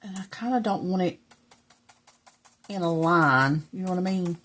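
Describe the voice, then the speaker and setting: This crafting vlogger, a middle-aged woman, speaks at a moderate pace in a fairly low, slightly bright voice. Breathless and chatty, she rambles to viewers and mutters to herself while working on a project in her home craft room.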